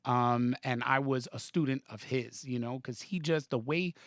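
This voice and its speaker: A man's voice: mid-range voice, moderate pace, no echo, clean studio sound. A man, a comedian guest on a podcast, telling stories animatedly and with profanity, acting out the quotes. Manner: profane, excited, acts out quotes. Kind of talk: animated storytelling in a podcast interview.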